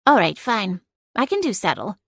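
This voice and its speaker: A woman's voice: mid-range voice, big pitch swings, normal speed, dry recording, studio quality. A woman voicing a snarky, nosy female talking cat in an audiobook, grumbling and blunt. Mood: defensive. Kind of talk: audiobook character voice.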